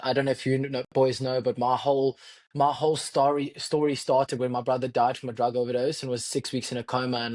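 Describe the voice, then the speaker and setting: A young man co-hosting a podcast, talking casually and earnestly, reflecting and speaking straight to listeners. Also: medium pitch. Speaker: podcast co-host. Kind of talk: casual chat.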